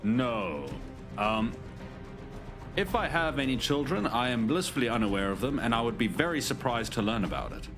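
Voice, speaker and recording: A man's voice: medium pitch, expressive, normal speed, over music. A man live-streaming, chatting casually and jokingly with his chat, with many restarts.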